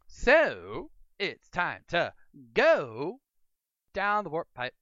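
Excitable guy hosting a game podcast, bright crisp voice, kinda muffled dry sound. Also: on the high side, no room sound. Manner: excitable, jokey, quick outbursts. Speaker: podcast host. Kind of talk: casual gaming podcast chat.

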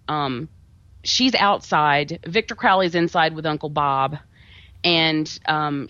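A woman co-hosting a podcast, chatting casually about a horror movie in an animated, wry way. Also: sits low, no room sound, highs cut off. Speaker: podcast co-host. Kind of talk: casual movie review chat.

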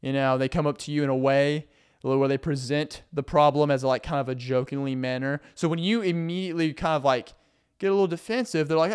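A young man from Arkansas talks briskly in a clean, fairly high voice with fairly even intonation. In a casual, rambling vlog monologue, he's sarcastic and full of fillers, acting out mock voices of passive aggressive people.

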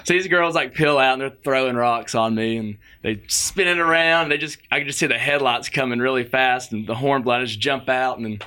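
A man's voice: medium pitch, a little fast, hardly any pauses, bright, forceful tone, clean tone. A man telling a rambling, laughing story as a guest on a casual podcast, acting out the people he quotes. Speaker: podcast guest, touring musician. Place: podcast studio.

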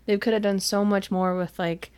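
A woman's voice: medium pitch, fairly even intonation, normal speed, a little mellow, clean tone, no echo. A young woman co-hosting a podcast in casual chat, laid-back and blunt, with casual swearing. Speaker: podcast co-host.

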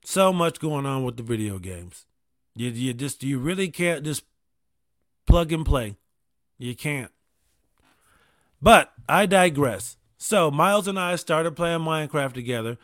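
A man telling casual comedic stories about gaming with his kid, profane and animated, with quick asides. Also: a little high, dry recording, studio quality.

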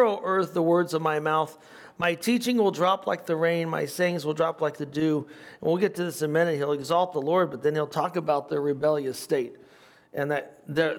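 An older man teaches scripture in a relaxed, conversational way. His voice sits a little higher than most men's. He reads passages aloud and then adds informal asides. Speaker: pastor teaching a Bible study. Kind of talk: sermon.

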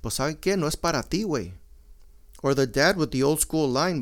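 Man, middle-aged, gravelly, mid pitch, profane, blunt, casual monologue. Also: a little fast, a bit bright. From Mexican-American. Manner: profane, blunt, mixing Spanish slang into English.

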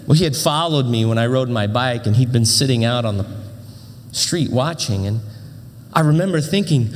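Animated pastor in a reverberant hall. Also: male voice, a little high, fairly quick. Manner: animated, dramatic storytelling with self-interruptions. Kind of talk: sermon storytelling. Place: church auditorium.

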